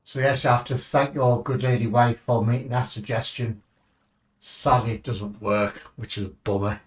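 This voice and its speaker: A man's voice: medium pitch, little pitch movement, moderate pace, recorded from a distance. An English man streaming a game, chatting in a rambling way and swearing casually as he plays. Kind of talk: casual gaming commentary.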